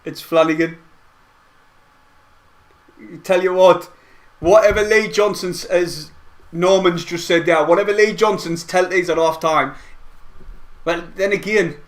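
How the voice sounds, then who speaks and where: A man giving excitable, rambling play-by-play of a match from home, as host of a fan watch-along. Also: sits high, measured pace, pauses often. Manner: excitable, rambling fan commentary with mild swearing. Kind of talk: casual live play-by-play commentary. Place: at home, not at the stadium.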